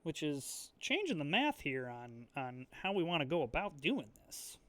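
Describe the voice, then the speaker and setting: A man's voice: on the high side, very animated, normal speed, a bit bright. A young man hosting a board game video, rambling chattily through his moves, with lots of fillers and restarts. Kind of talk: casual thinking-aloud play commentary.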